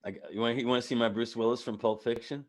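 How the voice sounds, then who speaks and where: A man's voice: mid-range voice, fairly even intonation, racing. A man on a video call, joking goofily and laughing at his own impression attempts. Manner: goofy, laughs at own attempts, stammers through restarts. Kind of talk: casual chat trading celebrity impressions.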